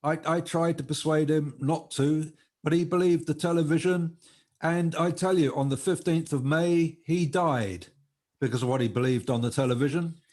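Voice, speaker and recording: A man hosting an interview, talking haltingly and repeating his words. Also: fairly high pitch, a little mellow. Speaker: interview host. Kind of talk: casual interview talk.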